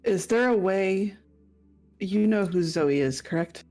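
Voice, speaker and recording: A woman's voice: medium pitch, lively intonation, slow, darkish tone, faint music behind. A woman playing a young adventurer in a tabletop role-play, speaking hesitantly with many fillers. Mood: earnest.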